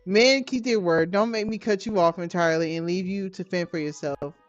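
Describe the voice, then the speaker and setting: A woman's voice: on the low side, brisk, no room sound, faint music behind, close to an everyday voice. Stern rich father, as a woman reads him. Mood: scornful. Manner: cold, scolding, lecturing. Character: stern wealthy older father, contemptuous. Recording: dull lo-fi recording.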